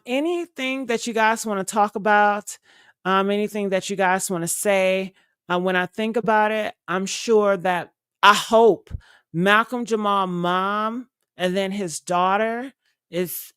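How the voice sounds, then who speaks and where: A woman's voice: medium pitch, a little slow, a bit bright, smooth, dry recording, clean studio sound. A young woman streamer chatting casually and loosely to her viewers, rambling with fillers and laughter. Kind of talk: casual live-stream chat.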